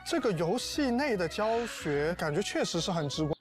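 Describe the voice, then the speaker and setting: A man's voice: high voice, very animated, normal speed. A man co-hosting a livestream presentation, upbeat and asking questions. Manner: upbeat and inquisitive. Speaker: livestream co-host. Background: loud background music.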